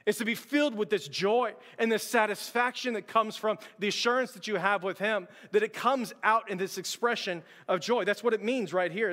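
A male pastor preaching to his congregation in a large, echoing sanctuary, his voice sitting high for a man. He speaks earnestly and directly to the church, often repeating words as he restarts his thoughts. The long reverb of the hall trails behind each phrase. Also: a bit bright. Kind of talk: sermon.

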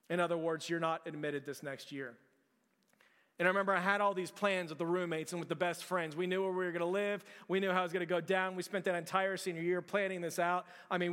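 A man's voice: on the high side, fairly bright tone, clean tone, in a large hall. A man in his forties from Texas, preaching a sermon as pastor in a conversational storytelling way, often restarting his sentences.

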